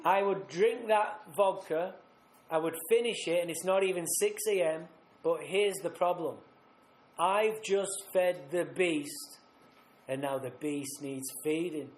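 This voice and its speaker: A man speaking at a recovery retreat, telling his own story bluntly and vividly, acting out scenes with rough language. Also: on the high side, unhurried. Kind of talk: personal recovery story told live. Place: retreat meeting room. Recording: roomy live talk recording.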